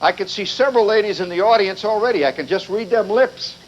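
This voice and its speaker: A man's voice: high voice, lively intonation, quick pace. A man from Indiana telling a wry, digressive humorous monologue to a live audience, captured in a muffled 1970s live recording. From Indiana, USA. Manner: wry, digressive, mock-indignant. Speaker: storyteller performing for a live audience.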